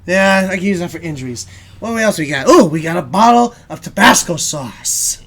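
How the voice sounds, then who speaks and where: A man's voice: high voice, animated, normal speed, fairly bright tone. A man on a comedy podcast taunting a captive co-host while rummaging through a bag. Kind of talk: improvised comedy bit.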